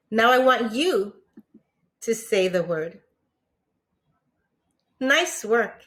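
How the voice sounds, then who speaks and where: A woman teacher with a New York accent giving a patient lesson to young children, pausing for answers and praising them often. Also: on the high side, sing-song, a bit bright. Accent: New York English. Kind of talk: slow, encouraging classroom lesson for young children.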